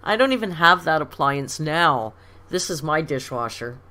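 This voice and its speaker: Laughing often, a middle-aged woman from Canada hosts a casual stream, reading comments aloud and sharing chatty stories. She speaks at a moderate pace in a low, animated voice with a sharp tone.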